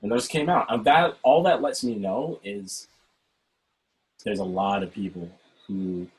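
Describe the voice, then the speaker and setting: A man hosting a casual talk over a video call, speaking in an animated way and often checking in with "right?". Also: on the low side, a little slow, poor audio. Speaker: host. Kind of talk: casual chat.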